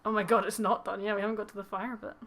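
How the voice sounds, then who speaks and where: A young Scottish woman doing a fast, joking recap of an episode in casual chat, swearing and quoting characters as she goes. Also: medium pitch, flat delivery, a bit bright. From Scotland. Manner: casual and giggly, swearing, mimicking characters in quick asides. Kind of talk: rapid-fire comedic recap.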